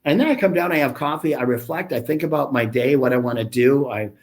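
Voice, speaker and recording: A man's voice: mid-range voice, fast talker. A man in his fifties, a business founder telling blunt, chatty, self-mocking stories as a podcast guest. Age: 50s. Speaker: gym franchise founder, guest. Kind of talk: casual podcast interview.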